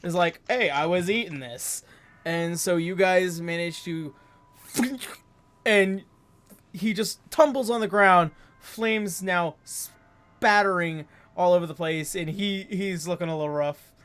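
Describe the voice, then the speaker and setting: Guy gm-ing a tabletop game, kinda high voice, rambly, lots of uhs. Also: fairly even intonation, takes it slowly, a bit bright, smooth. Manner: rambling, many fillers. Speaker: game master.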